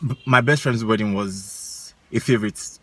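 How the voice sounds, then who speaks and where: Man, young adult, co-host, animated storyteller, bright voice. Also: on the low side, normal speed. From Nigeria. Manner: animated storyteller, laughs often. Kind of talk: casual chat.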